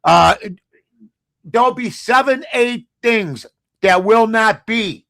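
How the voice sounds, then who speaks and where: High-voiced, blunt ranting sports host. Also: male voice, slow, vocal fry, no room sound. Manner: blunt, sarcastic, swings from low mutters to loud outbursts. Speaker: sports talk show host. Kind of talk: opinionated sports talk rant.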